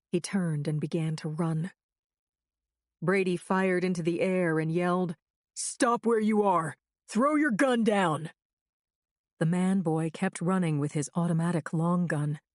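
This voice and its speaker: Low-voiced woman narrating a thriller. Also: dark tone, no echo, clean studio sound. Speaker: audiobook narrator. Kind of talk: scripted first-person thriller narration.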